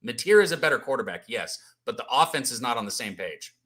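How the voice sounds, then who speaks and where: A man's voice: medium pitch, sing-song, quick pace, fairly bright tone. A man co-hosting a sports radio show, arguing back with dry sarcasm. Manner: argumentative, sarcastic. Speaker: co-host. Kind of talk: sports debate. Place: radio studio.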